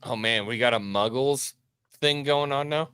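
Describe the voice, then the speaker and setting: A man on a podcast chatting casually, firing off quick questions and joking wisecracks. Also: mid-range voice, fairly bright tone, clean tone, dry recording, studio quality. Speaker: podcast co-host. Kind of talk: casual chat.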